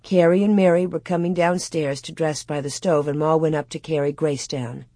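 A woman narrating a storybook as an audiobook, in a measured, clear way. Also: sits low, steady tone, warm tone, dry recording, studio quality. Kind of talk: audiobook reading.

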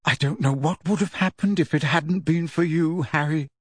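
A man's voice: high voice, animated, normal speed, slightly rough, dry recording, studio quality, voice pushed up, heavily acted. A man reading an audiobook, voicing a middle-aged mother who gushes thanks in a muffled, emotional voice. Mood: tearful gratitude. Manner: tearful, gushing thanks.

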